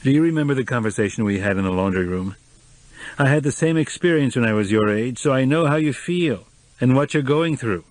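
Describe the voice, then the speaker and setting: A man's voice: mid-range voice, lively intonation, brisk, no room sound, close to an everyday voice. A man reading an audiobook, voicing a reserved, formal middle-aged man who speaks with restraint. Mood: restrained. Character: patient, reserved middle-aged man, cool then kind.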